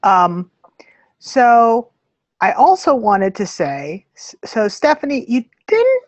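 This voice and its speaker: A woman's voice: a little high, sing-song, slow pace, dry recording. A woman hosting a book club discussion, asking hesitant, conversational questions. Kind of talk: interviewing a guest.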